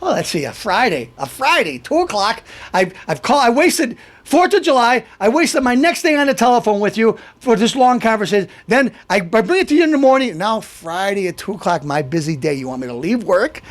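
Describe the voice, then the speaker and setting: A man's voice: high-pitched, big pitch swings, fairly quick, few pauses. A middle-aged man hosting his own show, telling an aggrieved story in a rambling, indignant rant full of restarts. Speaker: show host. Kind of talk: ranting monologue.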